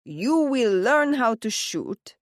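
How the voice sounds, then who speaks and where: A woman's voice: on the high side, big pitch swings, slow, dry recording, studio quality, pitched above the performer's own voice. A woman voicing a growling Italian mob-boss father. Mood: commanding. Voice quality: growling, stern. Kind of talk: audiobook character voice. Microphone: close studio mic, dry.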